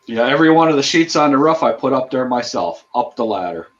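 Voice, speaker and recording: A man's voice: mid-range voice, lively intonation, fast talker. A man from Michigan's Upper Peninsula hosting a casual chat, telling easygoing stories with repeated phrases. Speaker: host. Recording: dull lo-fi audio.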